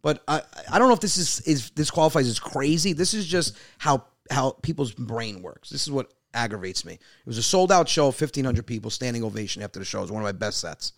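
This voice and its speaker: A man in his forties, a comedian, chatting casually and telling stories with animated acted-out voices and loud emphatic peaks. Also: mid-range voice, brisk, creaky, hardly any pauses. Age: 40s. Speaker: comedian guest. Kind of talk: casual podcast chat.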